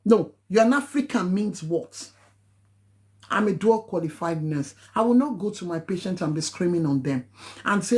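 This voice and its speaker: A Nigerian-accented woman speaks in a mellow, darker voice, lecturing her viewers like a preacher. She hammers her points and leaps up in pitch on sharp, insistent phrases. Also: lively intonation, normal speed. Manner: emphatic, preachy, rising to high exclamations. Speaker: nurse giving a live talk. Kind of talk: impassioned live-stream talk.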